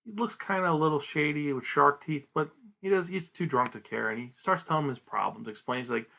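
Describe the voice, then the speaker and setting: A man hosting a podcast, chatting casually as he retells a manga story in an animated way. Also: fairly high pitch, a little fast, creaky. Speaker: podcast host.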